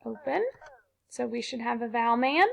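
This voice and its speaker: A woman's voice: fairly high pitch, moderate pace, creaky. A woman teaching a phonics lesson to young children, patiently sounding out each syllable and blending it into a word.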